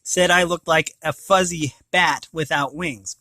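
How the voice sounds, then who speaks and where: An apologetic little fennec fox owns up to a bad day, as a man reading aloud voices him. Bright and dry, with a slightly high tone. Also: steady tone, measured pace, no room sound. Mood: sheepish. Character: sheepish male fennec fox.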